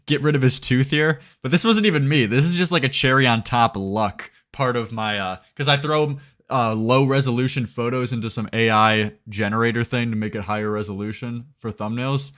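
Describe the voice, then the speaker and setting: A man's voice: medium pitch, normal speed, fairly bright tone. A young man giving mocking commentary as a streamer, sarcastic and rambling, often laughing.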